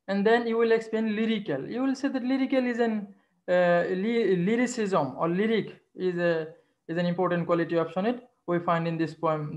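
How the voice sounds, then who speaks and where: A woman teacher explaining how to write an exam answer, halting often, restarting and repeating her phrases. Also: fairly low pitch. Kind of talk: exam-answer literature lesson.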